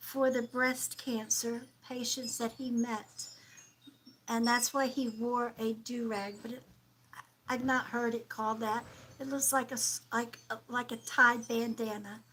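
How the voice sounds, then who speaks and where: Soft-spoken woman giving slow psychic readings. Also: on the high side, slight background noise, low-quality recording. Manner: soft, affectionate, calls viewers sweetheart, drops into whispers. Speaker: psychic medium and livestream host. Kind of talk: live-stream spiritual reading.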